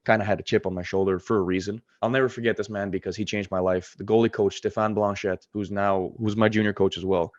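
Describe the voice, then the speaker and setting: A man in his twenties from Montreal, a college goalie telling his hockey story in a casual, animated way with quick asides and corrections. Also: lowish voice, dry recording, dull audio. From Montreal, Quebec, Canada.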